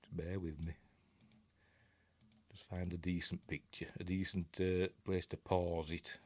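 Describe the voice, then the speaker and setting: This host of a casual film review livestream, a man from Yorkshire, speaks low and level at a measured pace with a darkish tone. He rambles a bit and chuckles as he reacts to viewers' comments.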